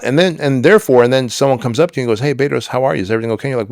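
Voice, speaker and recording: Rapid-fire and mid-range, a middle-aged man speaks as a podcast guest in studio-quality audio without room sound. In this candid storytelling interview he relates personal anecdotes emphatically, voicing dialogue and dropping the occasional swear.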